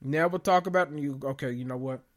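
A man hosting a casual pop-culture commentary podcast gives sassy, blunt takes with dramatic emphasis. His voice is on the high side and he talks a little fast.

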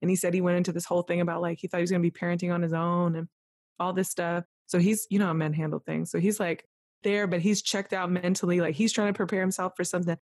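As a podcast guest, a woman with a slightly low voice tells a frightening personal story at a quick pace, growing tearful at moments. She's animated and rambling, full of "like," and acts out other people's voices, all captured close and dry with no room sound.

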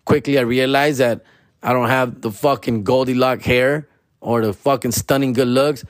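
A man's voice: medium pitch, steady tone, moderate pace, dry recording, studio quality. A man, a comedian host riffing in a profane, slangy monologue and ending lines with "fool" and "dog". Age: 40s.

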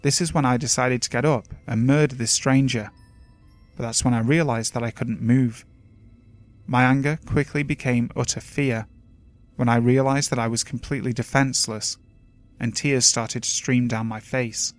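Male narrator, middle pitch, measured horror-story reading, soft music bed. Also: fairly even intonation. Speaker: narrator of submitted stories. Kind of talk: scripted narration of horror stories. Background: faint music.

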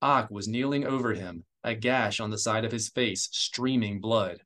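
A man reading an audiobook in steady, measured storytelling narration. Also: on the low side. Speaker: audiobook reader.

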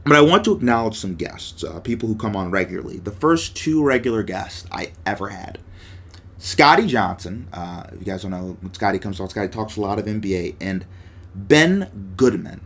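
A man's voice: fairly low pitch, expressive, brisk, a bit bright. A young man hosting his own podcast, talking in a rambling, upbeat way with lots of fillers and restarts. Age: young adult. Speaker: podcast host. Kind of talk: casual solo podcast monologue.

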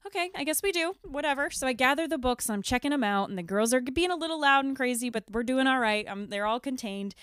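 A woman in her thirties on a podcast, telling an animated story casually and saying "like" often. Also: high-pitched, quick pace, hardly any pauses, clean tone, dry recording, clean studio sound. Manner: animated storytelling, heavy use of "like". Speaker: podcast co-host. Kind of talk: casual chat.

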